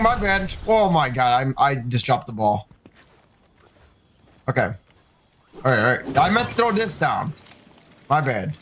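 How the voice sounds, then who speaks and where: A man's voice: medium pitch, very animated, a little slow, long pauses, noisy background. A man streaming a game from home with his young son, in laid-back, casual chatter full of "dude". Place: home gaming setup.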